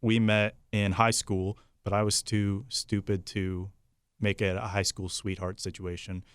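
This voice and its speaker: A young man talking casually on a podcast, laughing easily and filling pauses with "um." His voice is low and smooth. The sound is dry and close. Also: level tone, dry recording. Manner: easygoing, laughs often, many fillers. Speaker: podcast producer. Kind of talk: casual chat.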